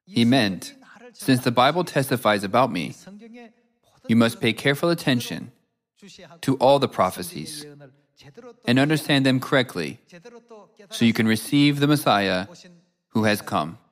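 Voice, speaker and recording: Guy reading a sermon, solemn and measured, mid voice. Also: medium pitch, animated. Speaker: preacher. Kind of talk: scripted sermon narration.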